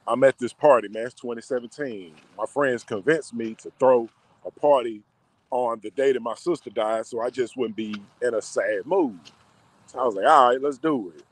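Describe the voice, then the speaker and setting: Man, conversational storytelling, slangy, emotional, middle pitch, dry close recording. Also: no echo. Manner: emotional, conversational, heavy slang, many fillers. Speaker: vlogger. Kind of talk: casual personal storytelling to camera.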